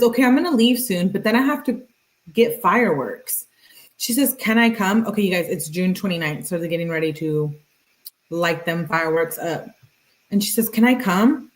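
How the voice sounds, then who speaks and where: A young woman hosting a casual commentary stream, reading text messages aloud one after another. She talks in a chatty, playful way and throws in quick asides between the messages. Her voice sits at a middle pitch for a woman. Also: rough recording. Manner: chatty and playful, laughs often, reads messages with lively emphasis. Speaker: true crime commentary host.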